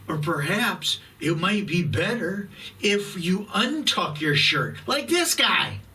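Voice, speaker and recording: A man in his fifties, a YouTube host, rants bluntly and profanely to his viewers about his pet peeves, combative and dragging out words for emphasis. His voice is high, sing-song, pushed and bright, recorded from a distance.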